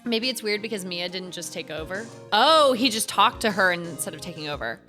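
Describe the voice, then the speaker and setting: A woman's voice: mid-range voice, expressive, brisk, pushed and bright, soft background music. A young woman streaming a game, chatting casually and giggling with her viewers. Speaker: gaming streamer.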